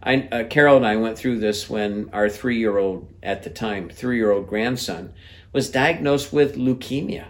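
A lower-pitched older man delivers a sermon. He preaches conversationally, often pausing and restarting, and he reads scripture aloud with energy, raising his voice for the quoted lines. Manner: conversational, halting with fillers and restarts. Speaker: pastor.

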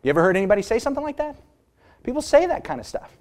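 A man preaching a sermon, emphatic, drawing out key words slowly and putting rhetorical questions to his listeners. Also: sing-song, darkish tone. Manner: emphatic, stretches key words slowly and rises in pitch for stress; asks the congregation rhetorical questions.

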